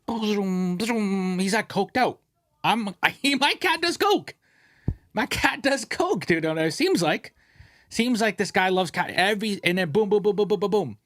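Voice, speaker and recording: A man hosting a podcast in a studio, rambling through stories in a casual, profane, animated way. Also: high-pitched, a little slow, no echo. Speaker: podcast host.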